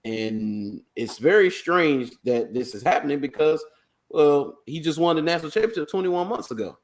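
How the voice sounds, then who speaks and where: A man hosting a sports talk show with a lively, joking storytelling manner. His pitch jumps around as he spins out a story, then drops low on his asides. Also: normal speed. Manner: animated storytelling, jokey asides. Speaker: podcast host. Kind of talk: casual sports chat.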